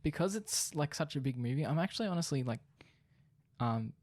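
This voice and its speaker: A man's voice: a little high, animated, brisk, darkish tone, dry recording, studio quality. Young man, rambling podcast chat. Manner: rambling, thinks aloud with many fillers. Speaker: podcast co-host. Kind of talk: casual chat.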